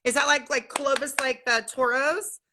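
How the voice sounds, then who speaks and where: A woman's voice: sits high, steady tone, moderate pace, noisy background. A chatty, bubbly middle-aged woman from Southern California, hosting a casual livestream from home and greeting viewers by name. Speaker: livestream host.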